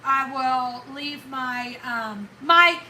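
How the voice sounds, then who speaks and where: A middle-aged woman with a light Southern Kentucky accent and a high, bright voice chats easily with her viewers, reading their names aloud and answering each one. Her voice sounds roomy and a little distant from the microphone. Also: extremely slow, slight background noise. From Indiana. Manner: chatty, reads out viewer names and answers them. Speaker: YouTube channel host. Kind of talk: casual live chat with viewers.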